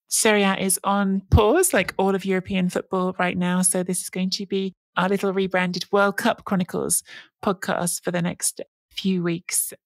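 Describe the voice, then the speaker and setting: A woman's voice: medium pitch, no room sound. A woman co-hosting a podcast who talks in a casual, rambling way with lots of restarts. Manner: rambling, with frequent restarts and fillers. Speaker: podcast co-host.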